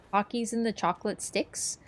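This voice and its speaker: A woman's voice: fairly high pitch, a little mellow. A woman streaming a game, chatting casually in a playful, teasing, rambling way. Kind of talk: casual chat while gaming.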